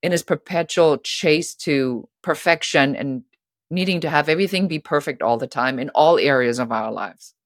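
Animated middle-aged woman telling stories. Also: low voice, normal speed, dry recording, studio quality. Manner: animated, acts out quoted voices. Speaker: guest author. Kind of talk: storytelling interview talk.

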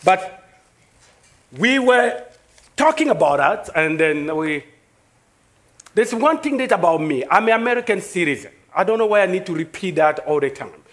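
A man from Congo with a French-speaking Congolese accent, preaching a sermon emphatically, with repeated phrases that build into excited preaching. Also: high voice, moderate pace, pauses often. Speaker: pastor.

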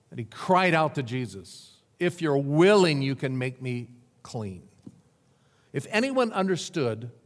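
A man delivers a sermon with dramatic, emphatic preaching. His voice sits a bit high for a man, and it lifts and drops sharply on repeated words. A long hall reverb trails behind every phrase. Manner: dramatic preaching with sweeping pitch and emphatic repetition. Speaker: pastor.

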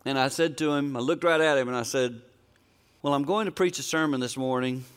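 A man's voice: mid-range voice, fairly quick, smooth. An older man preaching a sermon, telling a personal story in an earnest, conversational, folksy way. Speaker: pastor.

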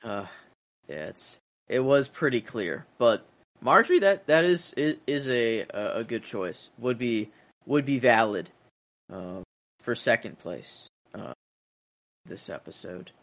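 A man co-hosting a casual TV rewatch podcast who muses out loud. He talks haltingly, with lots of restarts and fillers. His mid-pitched voice is recorded close and dry. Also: lively intonation, dry recording. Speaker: podcast co-host.

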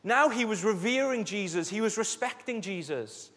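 A man preaching a sermon as a pastor, telling Bible stories in a lively way and acting out the scenes. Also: high voice, normal speed. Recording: echoey hall reverb.

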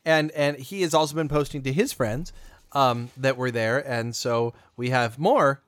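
This male podcast co-host talks in a loose, rambling way, full of fillers and false starts. His mid-range voice is a bit bright and a little slow, with no room sound at all.

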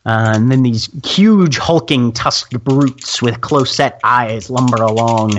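A man narrating a tabletop role-playing game as game master, descriptive and unhurried, with small filler pauses. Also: medium pitch, slight background noise.

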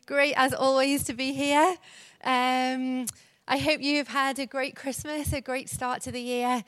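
A woman's voice: high voice, level tone, a little slow, a bit bright, clear, resonant tone, soft background music. A woman preaching a church sermon in a conversational way, with laughing asides. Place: church service.

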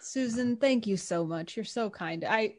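A woman's voice: on the high side, measured pace, darkish tone. A woman player speaking in character as a gracious noble in a tabletop game. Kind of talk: in-character tabletop role-play.

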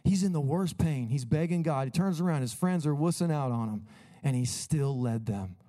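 A man's voice: a little high, animated, moderate pace, warm tone. A man preaching a sermon as a pastor, in an earnest, casual and conversational way.

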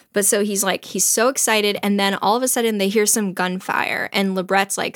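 A young woman co-hosting a casual chat, retelling a play in an animated way and laughing often. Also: medium pitch, moderate pace, hardly any pauses, dry recording, clean studio sound. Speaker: podcast co-host.

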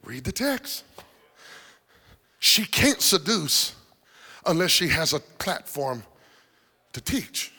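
A male pastor preaching in a church with a high, gravelly voice. His sermon swings from shouted, half-sung phrases to near-whispered asides. The sound carries a long echo from the hall. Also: big pitch swings, takes it slowly, long pauses. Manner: preaching with sudden shouts and sung phrases, then dropping to a hush. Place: church sanctuary.

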